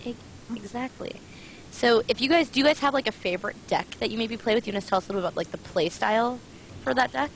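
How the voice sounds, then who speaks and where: A woman's voice: a little high, fast, creaky, a little hiss or hum, rough recording. A woman interviewing game developers in a casual chat, giggling often and filling with likes and ums. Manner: giggly, chatty, many fillers.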